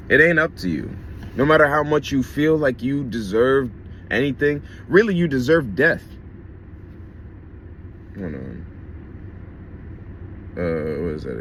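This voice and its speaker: A man's voice: on the low side, slight background noise. A man preaching a casual sermon in a blunt, conversational way, with swearing and slang.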